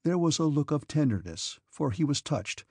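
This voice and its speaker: A man narrating a classic novel as an audiobook in a measured storytelling manner. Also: on the high side, sing-song, a little mellow, husky, no room sound, clean studio sound.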